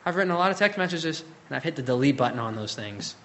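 Animated male preacher with a lively voice. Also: a little high, slight background noise. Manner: dynamic delivery, swinging between loud emphasis and soft, drawn-out scripture reading. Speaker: pastor. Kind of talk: sermon.

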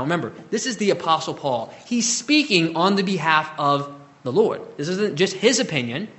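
A man preaching a sermon, swinging between loud emphasis and soft, drawn-out scripture reading. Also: a little high. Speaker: pastor.

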